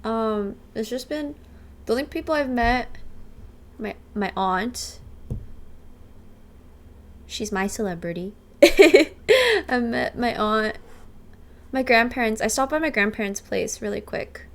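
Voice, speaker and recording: A woman's voice: a little high, lively intonation, takes it slowly, pauses often. A woman in her twenties chatting casually with her stream viewers, bubbly and full of "like", thanking subscribers by name. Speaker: livestreamer. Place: rented apartment.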